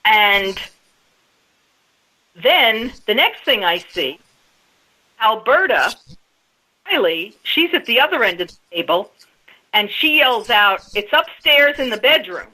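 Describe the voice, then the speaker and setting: A woman's voice: medium pitch, very animated, takes it slowly, long pauses, sharp tone, low-quality recording. A woman guest on a radio interview, telling a story step by step in a casual way. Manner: storytelling, recounting events step by step.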